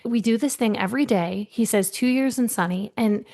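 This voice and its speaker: A woman's voice: a little high, a little fast. Woman telling stories as leadership coach. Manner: animated storyteller, acts out quoted voices. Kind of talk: storytelling in a podcast interview.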